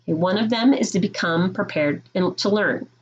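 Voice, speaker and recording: A woman teacher sets out the rules for her middle school class, firm and direct, checking in with a steady "okay?" as she goes. Her voice sits at an ordinary middle pitch. The recording sounds slightly dull and lo-fi. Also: normal speed. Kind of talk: classroom rules talk to students.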